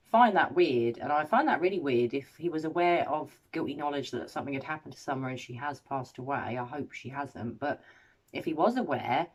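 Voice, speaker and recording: A woman hosting an analysis video, paraphrasing recorded quotes and weighing each one in a measured, analytical way. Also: sits low. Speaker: host analysing a recorded interview. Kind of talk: scripted commentary.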